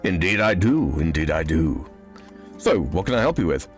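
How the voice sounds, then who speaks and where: A man's voice: on the low side, very animated, fast talker, faint music behind. A man voicing a pompous old male gnome with a long beard, in plummy, old-fashioned upper-class speech. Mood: chummy. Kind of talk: reading game dialogue aloud in voices.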